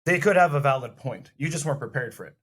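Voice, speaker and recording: A man in casual podcast chat, talking animatedly and acting out what people say. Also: mid-range voice. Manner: animated, fast, acts out quoted lines. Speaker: podcast co-host.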